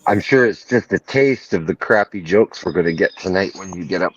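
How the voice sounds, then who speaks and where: A very deep male voice with a dry, teasing way of talking in casual chat. The recording is dull and lo-fi. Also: brisk, husky, no room sound.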